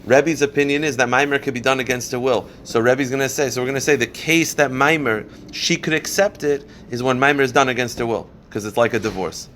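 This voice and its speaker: A man's voice: medium pitch, a bit bright, a little hiss or hum. Male rabbi in a mid-range voice who leads a Talmud class, walks through each point and keeps asking and answering his own questions. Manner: explains step by step, poses and answers questions; reads Aramaic passages quickly, then translates.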